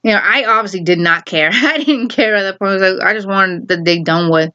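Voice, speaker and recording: A woman's voice: mid-range voice, brisk, pushed and bright, dull audio. Rambling woman telling a story. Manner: rambling, lots of "like", frequent laughs. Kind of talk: casual storytelling vlog.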